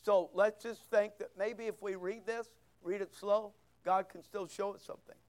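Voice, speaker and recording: Man, pastor, sermon, very high voice, smooth tone, asks questions, reads scripture. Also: steady tone, moderate pace, darkish tone.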